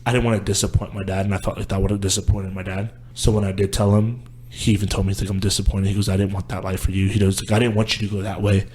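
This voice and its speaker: A man's voice: low-pitched, flat delivery, racing, a little mellow, a little hiss or hum. A young man, a guest on a casual podcast, telling his life story in a candid, rambling way. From Houston, Texas. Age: young adult.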